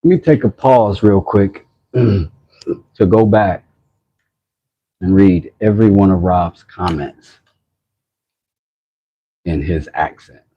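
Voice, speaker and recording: A man with a low, husky voice hosts a casual livestream, rambling and joking at his own expense as he reads out viewer messages. The sound is dull and muffled. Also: slow pace, long pauses. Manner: rambling, self-mocking, reads chat messages aloud. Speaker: woodworking livestream host. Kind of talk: casual livestream chat, reading comments aloud.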